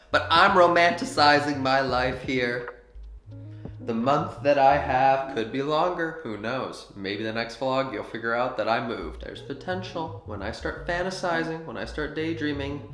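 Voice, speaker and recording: A man's voice: mid-range voice, fairly bright tone, echoey room. A man in his thirties talking casually to camera in a vlog, playful and self-mocking. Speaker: vlogger. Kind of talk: casual travel vlog talk.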